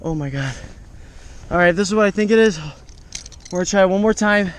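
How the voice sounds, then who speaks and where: A man's voice: high-pitched, a little fast, clean tone. A man giving enthusiastic, exclaiming running commentary as a fishing vlogger, recorded outdoors on the water on an action camera.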